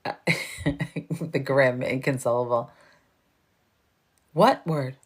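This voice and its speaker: A woman's voice: a bass voice, slow pace, husky. A woman in her fifties, from New York, chatting casually with viewers on a livestream, laughing often and swearing freely. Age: 50s. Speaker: livestream host.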